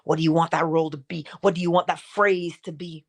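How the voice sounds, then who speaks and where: Middle-aged female host, low-pitched, theatrical and insistent, spiritual pep talk. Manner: expressive, swings between high acted asides and low soft remarks; repeats and exhorts, drawn-out emphasis. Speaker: host of a morning inspiration stream.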